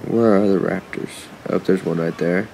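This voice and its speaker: A man's voice: low-pitched, steady tone, normal speed, gravelly, dark tone, a little hiss or hum. A man giving casual commentary while he plays a video game, talking to the creatures on screen and to his viewers, often frustrated. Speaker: gaming YouTuber.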